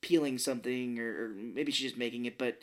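A man's voice: medium pitch, brisk. Man animatedly recapping a movie. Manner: animated retelling, acting out characters' lines in exaggerated voices. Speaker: podcast co-host. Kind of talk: casual movie recap chat.

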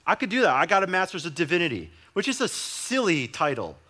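Bright high-voiced man preaching. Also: big pitch swings, brisk. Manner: conversational preaching with emphatic repetition. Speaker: pastor. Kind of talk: sermon.

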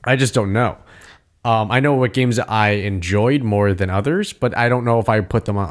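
A man chatting casually, telling rambling, profane, animated stories. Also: lowish voice, normal speed. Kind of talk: casual chat.

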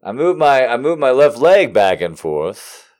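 A male comedian spins a story with an animated voice that leaps around in pitch. He swears freely and mocks himself along the way. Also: unhurried. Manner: animated, profane, self-mocking.

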